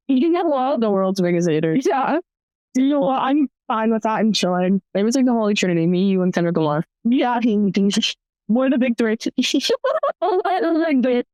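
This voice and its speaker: A woman's voice: on the high side, a little mellow, no echo, poor audio. A young woman co-hosting a casual chat, blunt, profane and joking. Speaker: podcast co-host.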